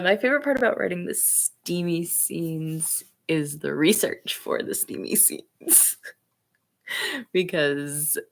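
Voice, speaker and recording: A woman's voice: low-pitched, fairly bright tone. A woman author hosting a casual live chat, talking in a hesitant, self-conscious way with many fillers.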